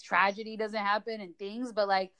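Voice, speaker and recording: A woman guest on a podcast, talking in a relaxed, chatty way, full of fillers. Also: mid-range voice, moderate pace, smooth. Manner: relaxed, chatty, lots of likes and you-knows. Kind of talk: casual podcast chat.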